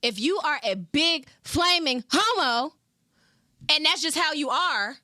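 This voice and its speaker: High, bright-voiced woman ranting profanely. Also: animated, takes it slowly, dry recording, clean studio sound. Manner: blunt, profane, heated ranting. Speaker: podcast co-host. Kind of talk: casual chat.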